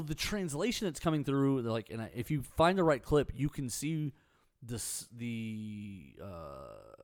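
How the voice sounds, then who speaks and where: A man co-hosting a podcast, telling animated stories in casual chat. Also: medium pitch, no echo, clean studio sound. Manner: animated storyteller. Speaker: podcast co-host.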